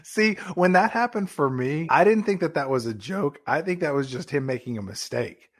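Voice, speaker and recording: A man's voice: a little high, expressive, normal speed, fairly bright tone. A man co-hosting a casual film review chat, joking and laughing often as he talks. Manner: jokey, laughs often while talking. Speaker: podcast co-host reviewing a film.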